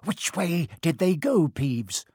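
A man's voice: fairly high pitch, big pitch swings, takes it slowly, warm tone, husky, no echo, clean studio sound, voice pushed up, heavily acted. A man voicing a bad-tempered old male caretaker, urgent and demanding.

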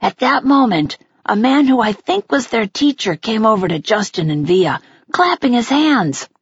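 A woman narrating a first-person audiobook in a gentle, unhurried way. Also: on the high side, lively intonation, husky, no room sound, dull audio.

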